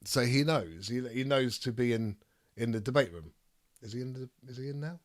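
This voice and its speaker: A man with a raspy voice from a cold, chatting casually on a live stream and reading chat aloud. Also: medium pitch, moderate pace, no room sound, studio quality. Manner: reads chat aloud, rambling and swearing. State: ill with a cold, raspy throat. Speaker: streamer hosting a debate.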